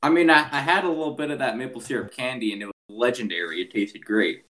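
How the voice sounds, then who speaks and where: A man's voice: mid-range voice, quick pace, fairly bright tone. A young man co-hosting a casual podcast, telling stories in an easygoing way. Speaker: podcast co-host. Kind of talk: casual chat.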